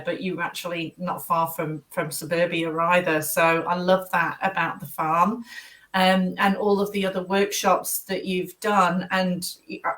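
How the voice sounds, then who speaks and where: A woman's voice: lowish voice, fairly bright tone, recorded from a distance. A woman hosting a casual interview, asking long encouraging questions. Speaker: host.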